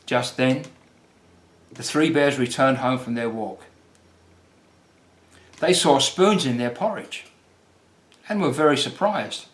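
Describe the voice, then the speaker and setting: Man telling a kids story, calm, mid pitch, echoey room. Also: slow pace, long pauses. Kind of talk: reading a children's story aloud. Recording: roomy echo.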